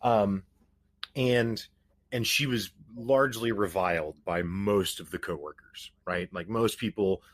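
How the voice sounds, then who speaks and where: Rambling low-voiced man. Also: a little slow, no room sound. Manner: rambling, hesitant, many restarts and "like". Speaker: podcast host. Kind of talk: casual conversation.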